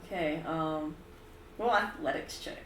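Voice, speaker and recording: A woman's voice: sits low, unhurried, heavy background noise. A woman running a tabletop game as game master, narrating casually with laughs and fillers. Her voice is picked up from a distance in a roomy space. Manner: casual, giggly, hesitant fillers. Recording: roomy distant mic, faint ambience.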